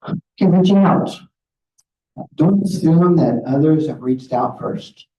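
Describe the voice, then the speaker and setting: A man's voice: on the high side, animated, slow pace, mellow. A middle-aged man giving an earnest, direct talk with slides, often checking in with "okay?". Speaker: guest speaker on grief. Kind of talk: presentation with slides. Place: meeting room. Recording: roomy, distant, muffled room audio.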